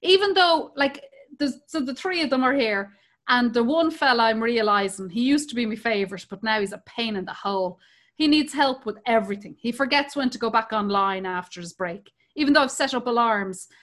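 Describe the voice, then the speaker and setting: High-voiced Irish woman, profane storyteller. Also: brisk, a bit bright. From Ireland. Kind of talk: casual chat.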